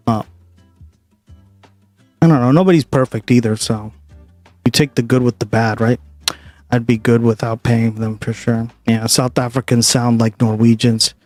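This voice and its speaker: A man's voice: mid-range voice, darkish tone, no echo. A man hosting a livestream, chatting casually and profanely with his viewers. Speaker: livestream host. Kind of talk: casual stream chat.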